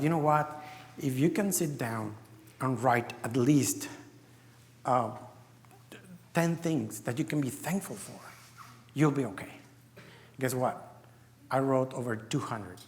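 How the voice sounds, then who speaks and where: A man from Mexico gives an earnest personal testimony to a conference, acting out his own past dialogue as he tells it. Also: medium pitch. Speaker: business founder giving a testimony. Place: large conference hall. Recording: reverberant conference hall.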